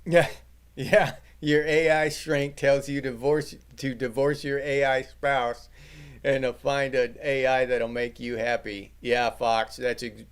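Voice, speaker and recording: A man's voice: mid-range voice, level tone, slow pace, clear, resonant tone. A middle-aged man hosting a livestream, chatting casually with his viewers and joking crudely with plenty of swearing. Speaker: livestream host reading chat.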